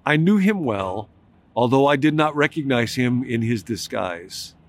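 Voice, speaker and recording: Man, pastor, sermon, reflective storytelling, middle pitch, slows for emphasis. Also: animated.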